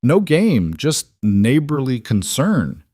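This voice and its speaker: A man voicing a big, menacing rancher villain with a rough, amused voice, in an audiobook western. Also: medium pitch, wildly swooping pitch, slow, warm tone, dry recording, pitched above the performer's own voice, heavily acted. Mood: taunting.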